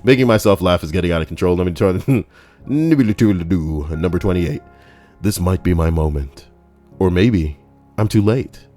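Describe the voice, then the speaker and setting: A man's voice: low-pitched, a little slow, dark tone, soft background music. A man reading forum stories aloud with comedic commentary, crude and profane, full of jokey asides. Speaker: YouTube narrator reading forum posts.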